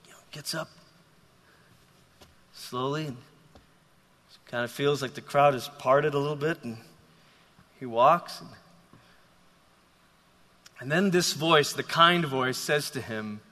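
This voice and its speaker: High-voiced guy preaching, lots of restarts, long echo like a big hall. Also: takes it slowly, pauses often. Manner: animated storytelling, frequent restarts. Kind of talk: sermon.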